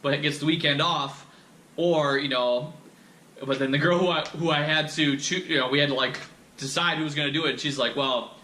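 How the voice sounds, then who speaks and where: A man's voice: fairly high pitch, steady tone, fairly quick, sharp tone, a little hiss or hum. A young man hosting a podcast, telling a candid personal story in a rambling, profane way full of fillers and restarts. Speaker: podcast host. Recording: echoey room.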